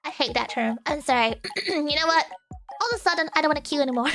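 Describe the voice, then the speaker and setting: A woman's voice: high-pitched, animated, fast, loud music behind the voice. A young woman hosting a live stream in casual chat, giggling often and ranting playfully at herself. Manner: playful, self-mocking rants. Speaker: streamer host.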